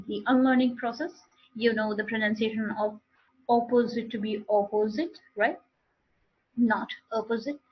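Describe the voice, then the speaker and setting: A woman's voice: medium pitch, slightly rough, highs cut off. A woman teaching a live online English speaking class, explaining with repeated and restarted phrases.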